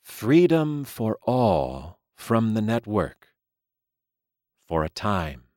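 A man voicing Mister Lee, an aging, smooth-spoken crime boss with a calm, formal, measured manner. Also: fairly low pitch, no echo, clean studio sound, voice pushed up, full character voice.

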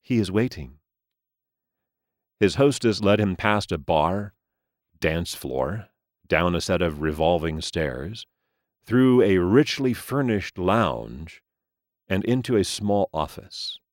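A man reading a story aloud as narrator, in a slow, expressive style. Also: deep voice, no echo, studio quality.

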